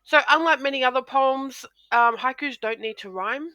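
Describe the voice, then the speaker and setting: A woman's voice: sits high, moderate pace, pushed and bright, no room sound, lo-fi sound. A woman teacher explaining poetry in a recorded lesson, talking into a close microphone with frequent ums and restarts.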